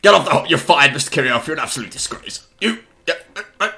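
Bright, gravelly man. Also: fairly high pitch, lively intonation, fast talker, a little hiss or hum. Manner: mock-formal officer talk, flustered and stammering. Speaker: gamer commanding an artillery crew. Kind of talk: playful voice chat, mock officer commands.

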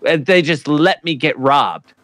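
A man's voice: on the high side, measured pace, a bit bright, no echo. A man talking in character during a game roleplay, earnest and polite, stammering and using overly formal phrasing.

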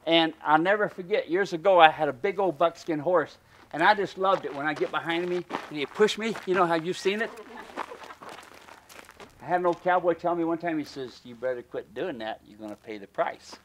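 High-voiced folksy male mule trainer. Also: brisk, fairly bright tone, slight background noise. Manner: folksy, coaching, addresses the crowd as folks. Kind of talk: hands-on training demonstration.

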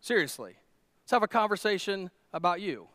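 Pastor preaching in a dry, close sound. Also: male voice, high-pitched, sing-song, fairly quick, bright, forceful tone, no echo. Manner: storytelling, many restarts and fillers, building to emphatic peaks. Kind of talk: conversational sermon. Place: church.

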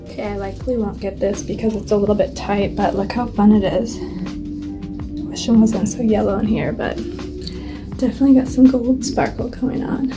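A woman's voice: mid-range voice, moderate pace. A young woman, congested from a cold, chatting casually and upbeat as a thrift vlogger. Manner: chatty, upbeat, filler-heavy. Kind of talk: casual vlog chat. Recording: music playing behind the voice.

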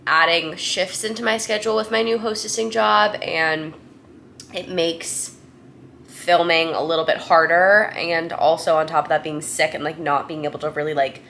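Young woman, vlogger, excitable and gushing, lowish voice, noisy home recording. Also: normal speed, vocal fry. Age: young adult. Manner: gushing, excitable, heavy use of "like". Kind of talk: casual vlog chat. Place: her apartment at night.

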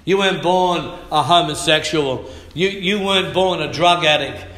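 A middle-aged man, preaching a fiery sermon in church, sometimes shouting. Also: a little high, moderate pace. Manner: fiery, shouting and humming out rhythms. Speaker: pastor. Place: church hall. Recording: echoey church hall.

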